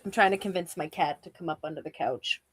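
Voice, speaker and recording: A woman co-hosting a podcast over a video call, chatting casually and chiming in with quick, supportive replies. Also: sits low, a little hiss or hum. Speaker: podcast co-host. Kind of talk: casual chat.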